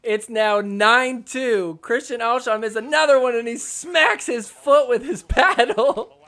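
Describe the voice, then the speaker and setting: A young man with a high-pitched voice hosts a sports podcast, talking over match footage. He recaps the games with a sarcastic, mocking edge and drops into quick put-on voices for the players. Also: sharp tone. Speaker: podcast host. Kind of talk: comedic sports recap commentary.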